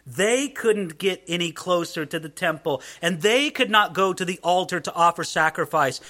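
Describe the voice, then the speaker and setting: A middle-aged male pastor preaching a sermon, reading scripture aloud and explaining it in an animated way. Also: high voice.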